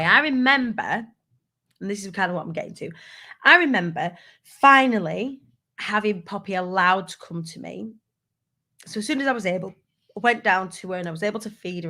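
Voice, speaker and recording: A woman's voice: mid-range voice, sharp tone. Woman, 30s, casual vlogger, candid and self-deprecating storyteller. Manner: candid, self-mocking, restarts often. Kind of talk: casual personal storytelling to camera.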